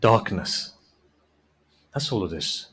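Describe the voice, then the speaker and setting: A man delivering a mourning sermon, narrating stories with quoted dialogue. He moves from quiet storytelling to a high, loud, wailing climax. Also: expressive, slow pace, breathy edge, rough recording. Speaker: preacher.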